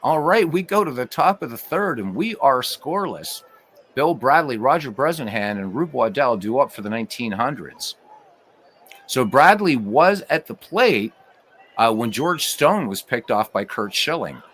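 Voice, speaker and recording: A man doing play-by-play for a simulated baseball game in a lively, swinging voice that jumps up to near-shouts on big hits and drops low for wry asides. He chats with his live viewers between pitches. A faint hiss of noise sits under the recording. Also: moderate pace. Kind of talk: solo play-by-play commentary with live chat.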